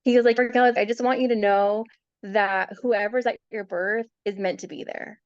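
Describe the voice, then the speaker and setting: A woman guest on a podcast, telling her birth story in a casual, animated way, laughing often and acting out what others said. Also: mid-range voice, normal speed, no room sound, lo-fi sound.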